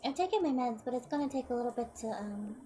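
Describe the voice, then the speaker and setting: Woman streamer, high voice, bubbly and effusive, morning allergy voice, faint music behind. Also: lively intonation, quick pace, mellow. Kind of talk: live game stream, reading narration aloud.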